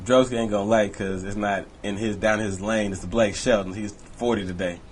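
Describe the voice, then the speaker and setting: A man's voice: fairly low pitch, steady tone, a little fast, a little hiss or hum. A male host of a music talk show, reading birthdays and teasing his co-host. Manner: easygoing, teasing. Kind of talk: casual radio show banter.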